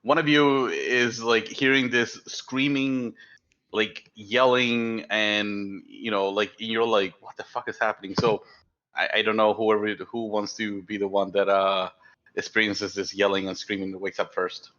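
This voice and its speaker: A man's voice: on the low side, little pitch movement, moderate pace, fairly bright tone. A young man acting as dungeon master in a tabletop game, rambling with many fillers and restarts. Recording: dull lo-fi sound.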